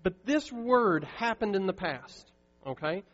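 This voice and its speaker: A man's voice: high-pitched, expressive, a little slow, soft background music. Man, pastor, emphatic sermon, stumbles and restarts, long church reverb, muffled sound. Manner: earnest, emphatic preaching with frequent restarts. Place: church sanctuary.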